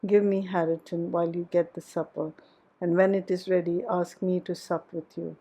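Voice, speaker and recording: A woman's voice: lowish voice, flat delivery, normal speed, mellow, low-quality recording. A woman reading as a passionate young heroine. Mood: earnest. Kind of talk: classic novel audiobook reading.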